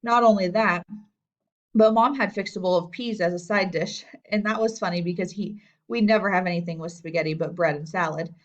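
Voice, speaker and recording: A woman's voice: on the low side, brisk, highs cut off. Woman reading a children's novel aloud. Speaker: audiobook reader. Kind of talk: scripted narration.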